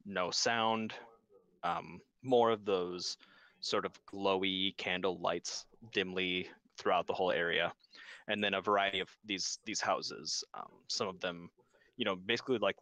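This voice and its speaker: A man's voice: sits low, a bit bright, no room sound, poor audio. A man running a tabletop game as game master, describing scenes loosely with many fillers.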